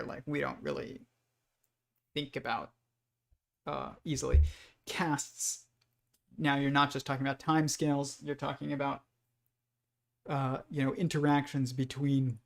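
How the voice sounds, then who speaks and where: A man thinks out loud on his own show, circling back on himself with restarts and filler words. His voice sits a little high for a man and has a gravelly, fry-laden edge. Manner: rambling, many restarts and fillers, speculative. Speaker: host. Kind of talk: casual livestream monologue.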